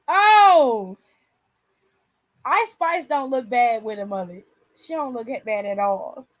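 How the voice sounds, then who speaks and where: High-voiced swearing woman host. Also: expressive, slow, no room sound. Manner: candid, swears freely, laughs often. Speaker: aftershow host reading chat. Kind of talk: casual livestream chat.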